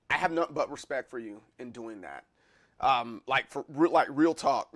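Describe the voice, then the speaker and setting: A man hosting a casual live stream, chatting with his viewers in a rambling way, with many restarts and bursts of excitement. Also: a little high. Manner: rambling, restarts a lot, chuckles and gets excited. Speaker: livestream host. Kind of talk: casual chat answering live chat.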